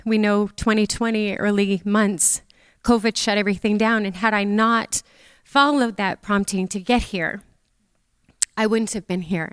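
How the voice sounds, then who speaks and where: A woman's voice: on the high side, smooth, no room sound, long reverb tail. A middle-aged woman from Canada giving a tearful, heartfelt memorial tribute to her mother in a church. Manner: tearful, emotional, speaks of feelings openly.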